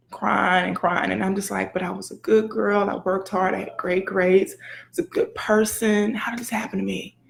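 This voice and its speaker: A woman in her forties, a blogger and educator, chatting in a lively, preachy, folksy way on a live phone video. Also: medium pitch, gravelly. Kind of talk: casual live video chat.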